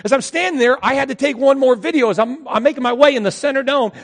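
A middle-aged man with a notably high voice spins a long personal anecdote for a crowd of listeners. He tells it in a lively, animated way, leaning on a repeated catchphrase. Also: fast. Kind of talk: storytelling talk to an audience.

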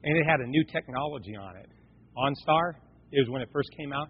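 A man's voice: medium pitch, animated, brisk, husky. A man preaching a sermon in a folksy storytelling way, talking to his congregation as folks. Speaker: pastor. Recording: dull, echoey church hall recording.

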